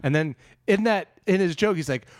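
A man hosting a podcast, telling a story in a casual, animated way and laughing often. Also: sits high, normal speed, no room sound. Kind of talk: casual chat.

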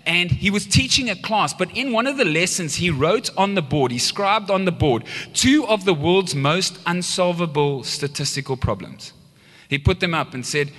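Preacher man in a reverberant hall. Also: fairly high pitch. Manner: storytelling, lively, asks the crowd questions. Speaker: pastor. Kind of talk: sermon. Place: church hall. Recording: live church hall with long reverb.

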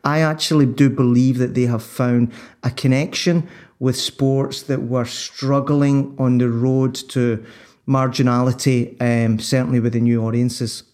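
A man co-hosting a sports discussion, calmly arguing his own view with confidence. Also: mid-range voice, a little slow. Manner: confident, persuasive, builds an argument. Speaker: podcast co-host. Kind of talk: casual discussion.

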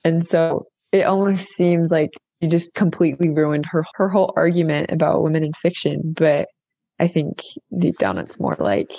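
A woman's voice: low voice, normal speed, gravelly, no room sound, lo-fi sound. A woman taking part in a book discussion, speaking casually and reading a passage aloud. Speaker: discussion participant.

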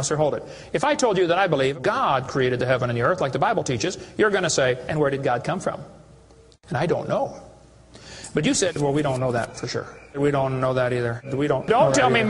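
A man giving a preaching lecture to an audience, telling folksy, mocking stories with acted dialogue. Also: on the high side. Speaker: creation science speaker.

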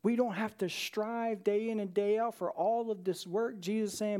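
Pastor guy preaching, chatty, keeps saying right?, goes from loud and quick to really quiet. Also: sits high, steady tone. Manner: conversational, with frequent "right?" asides. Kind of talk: sermon.

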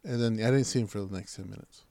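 Talking at a quick pace with vocal fry in a low-leaning voice, a man rattles through a long, profanity-laced story in casual chat. He animatedly re-enacts the arguments he got into.

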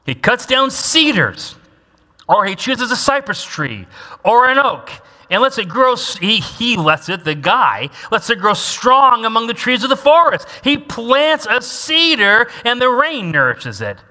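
A man's voice: very high-pitched, big pitch swings, a little slow, bright, forceful tone. A man preaching a sermon as pastor, emphatic, repeating key lines and having the congregation say them back. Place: church sanctuary. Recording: long reverb of a large church hall.

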